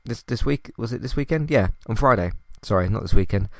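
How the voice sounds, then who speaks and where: A man's voice: mid-range voice, lively intonation, brisk, no room sound, studio quality. A man hosting a casual solo podcast, rambling and exasperated, sighing and restarting his sentences. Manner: frustrated, rambling, many restarts and sighs. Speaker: podcast host.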